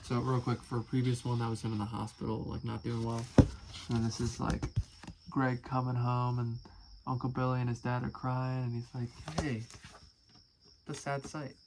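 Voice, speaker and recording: A man's voice: mid-range voice, level tone, moderate pace, very noisy. A man casually reading aloud and commenting, amused and chatty, swearing now and then. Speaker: musician and video creator.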